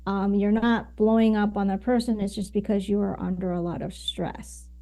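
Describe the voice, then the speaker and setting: A woman's voice: mid-range voice, little pitch movement, moderate pace, mellow. A woman guest on a podcast, explaining her ideas at length, with many fillers and "right?"s. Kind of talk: conversational interview.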